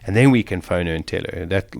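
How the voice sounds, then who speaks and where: A middle-aged man speaks as an interview guest, recounting his ordeal vividly and with feeling. His voice sits a little low. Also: fast talker, gravelly, a little mellow. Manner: emotional, vivid retelling of a survival ordeal. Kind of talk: storytelling in an interview.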